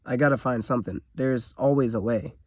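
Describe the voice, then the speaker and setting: A man's voice: mid-range voice, fairly quick, dry recording, studio quality. A man in his twenties giving a blunt, profane, emotional vlog rant from inside his car. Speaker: vlogger.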